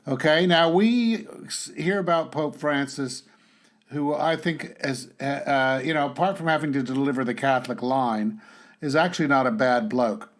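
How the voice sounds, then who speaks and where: A man's voice: medium pitch, moderate pace. A man hosting a casual political talk show, musing aloud with many fillers and restarts. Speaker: podcast host.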